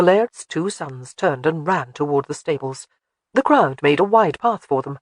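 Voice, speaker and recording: An audiobook narrator reading a historical romance, expressive storytelling at a close studio mic. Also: mid-range voice, unhurried, no room sound. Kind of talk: scripted narration.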